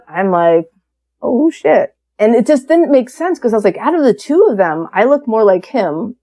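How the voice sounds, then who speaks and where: A woman around fifty shares a personal story as a podcast guest. She speaks frankly and casually, curses freely, and acts out what other people said. Her voice has a mellow, dark tone at a middle pitch.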